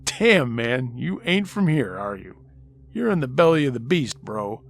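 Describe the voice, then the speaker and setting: A man's voice: mid-range voice, very animated, unhurried, soft background music. A man voicing a streetwise young passenger who mocks in laid-back slang. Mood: mocking.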